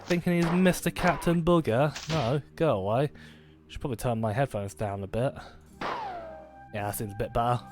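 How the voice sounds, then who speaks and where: A man's voice: medium pitch, moderate pace, over music. A man chatting casually while live-streaming a game, rambling and joking at his own expense, with many fillers and restarts.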